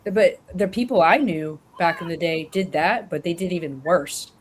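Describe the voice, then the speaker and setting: A woman's voice: lowish voice, normal speed, a little hiss or hum. A woman in casual chat, rambling and correcting herself as she tells stories over a remote call.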